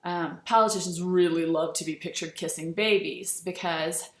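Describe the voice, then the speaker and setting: A woman's voice: lowish voice, moderate pace. Chatty woman teacher in an echoey room. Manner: relaxed, chatty, with many fillers. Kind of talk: recorded lecture over slides.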